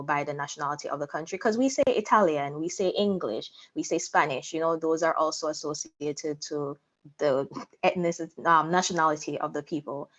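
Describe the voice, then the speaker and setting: A woman's voice: low voice, fairly bright tone. A woman talking thoughtfully and conciliatorily in an interview. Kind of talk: interview talk.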